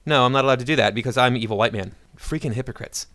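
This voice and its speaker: A man's voice: mid-range voice, rapid-fire, fairly bright tone, no room sound, clean studio sound. A man giving sarcastic, indignant reaction commentary on a video clip. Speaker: YouTube commentator.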